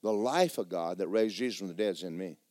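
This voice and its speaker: A male pastor preaching a sermon with animated, folksy, joking storytelling. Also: low voice, fast, no echo.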